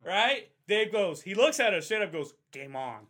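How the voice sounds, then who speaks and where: A man's voice: sits high, moderate pace. A young man telling a long story to friends in casual chat, swearing a lot and acting out the voices of the people in it. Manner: profane, animated, acts out voices. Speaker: storyteller on a podcast.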